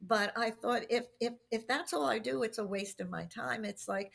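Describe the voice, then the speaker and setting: This middle-aged guest expert in workplace communication has a gravelly voice on the high side and a moderate pace. During the podcast interview she recounts lively anecdotes from work, voicing the quoted lines herself.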